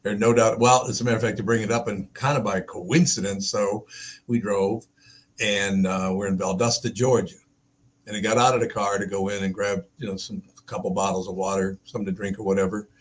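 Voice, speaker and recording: A man's voice: fairly low pitch, flat delivery, brisk. Rambling, laughing male radio host. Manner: rambling storyteller, laughing, mimics voices. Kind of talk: casual studio chat. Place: radio studio.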